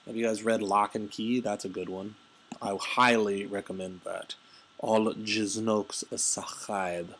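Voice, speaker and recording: Brief: casual game commentator, male, very low gravelly voice, rambling and jokey. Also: steady tone, moderate pace, fairly bright tone, a little hiss or hum. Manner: rambling, jokey, many fillers and asides.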